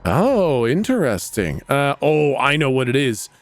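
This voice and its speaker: Slow, lively-voiced game master. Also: male voice, mid-range voice, dry recording. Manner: relaxed narration with many ums, laughs easily. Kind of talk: narrating a tabletop game.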